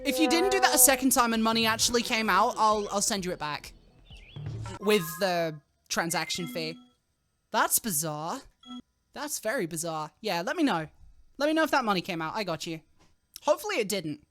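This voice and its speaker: A young adult woman streaming live, chatting casually, swearing freely and squealing loudly when thanking donors. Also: mid-range voice, expressive, moderate pace, faint music behind.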